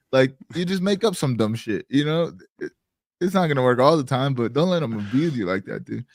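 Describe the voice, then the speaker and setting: A man's voice: medium pitch, animated, moderate pace, no echo, studio quality. A man co-hosting a casual live-stream chat, loose and teasing, swearing freely. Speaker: podcast co-host.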